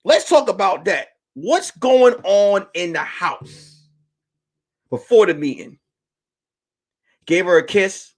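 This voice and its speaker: A male comedian hosting a live stream, ranting in an animated, profane way with many restarts. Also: high-pitched, slow pace, long pauses. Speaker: comedian host.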